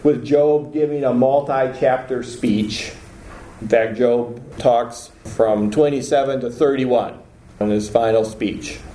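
A man's voice: medium pitch, dark tone. A man giving an informal Bible lecture in a conversational way, lifting his voice to act out quoted lines. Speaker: Bible teacher. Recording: echoey room.

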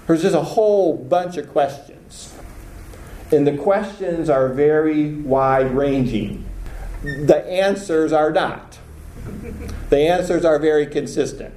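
A man's voice: fairly high pitch, takes it slowly, dark tone. A man giving an informal Bible lecture in a conversational way, lifting his voice to act out quoted lines. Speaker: Bible teacher. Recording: echoey room.

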